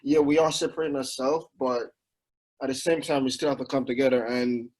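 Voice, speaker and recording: A man in a casual podcast discussion, speaking softly and hesitantly with many fillers. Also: medium pitch, fairly even intonation, fairly quick, low-quality recording. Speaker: podcast guest.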